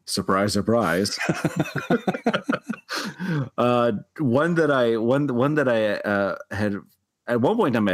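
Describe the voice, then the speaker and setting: A man co-hosting a casual board game chat, often stumbling over and repeating his words and breaking into laughter. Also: on the low side. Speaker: board game podcast co-host.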